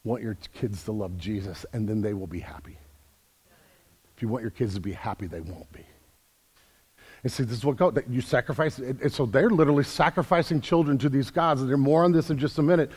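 A man preaching a sermon as pastor, building from quiet earnest talk to loud emphatic calls. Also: medium pitch, a little fast, breathy edge. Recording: long hall reverb.

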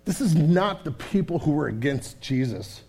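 High-voiced man preaching a candid sermon. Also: moderate pace, slightly rough. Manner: candid, conversational preaching with frequent restarts; swings from hushed and somber to loud and animated. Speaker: pastor.

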